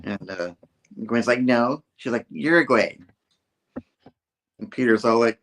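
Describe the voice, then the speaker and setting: A man's voice: medium pitch, animated, measured pace, pauses often, fairly bright tone. A man casually retelling a comic book scene by scene, acting out the characters' lines in loose voices. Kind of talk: casual chat.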